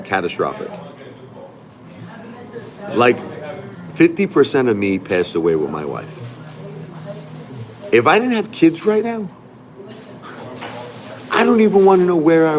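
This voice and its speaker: Animated New man ranting. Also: mid-range voice. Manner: emphatic, repetitive, talks back to chat. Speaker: livestream host. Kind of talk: casual livestream talk to chat.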